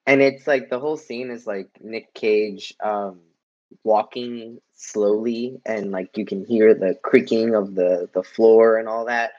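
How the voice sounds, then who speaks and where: A man's voice: lowish voice, steady tone, a little slow, darkish tone. A man guesting on a podcast, chatting casually and wryly about a movie. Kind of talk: casual movie-review chat. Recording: dull lo-fi sound.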